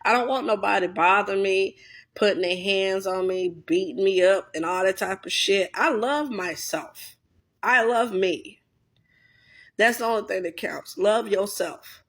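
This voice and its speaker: A woman's voice: medium pitch, steady tone, normal speed. A woman vlogger in a blunt, profane, heated casual rant. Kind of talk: casual ranting monologue.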